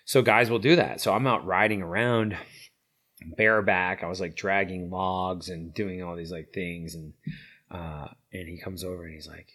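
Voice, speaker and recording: This deep-voiced, middle-aged man is an interview guest who founded a horse program for veterans. He tells a story casually at a moderate pace, rambling with lots of fillers, his volume shifting between lively and hushed.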